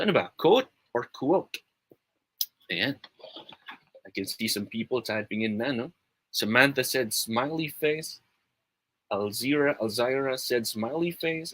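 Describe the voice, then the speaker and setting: A man's voice: mid-range voice, pushed and bright, low-quality recording. A man with a Filipino accent, teaching an upbeat live-streamed English pronunciation lesson and reading out viewer comments. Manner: upbeat, switches between English and Tagalog, reads viewer comments.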